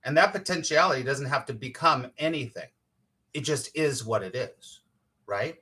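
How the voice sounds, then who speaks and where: A man's voice: mid-range voice, moderate pace, pushed and bright, breathy edge. A man, a spiritual teacher hosting a casual live-streamed morning talk, chatty and playful, laughing often and greeting viewers by name.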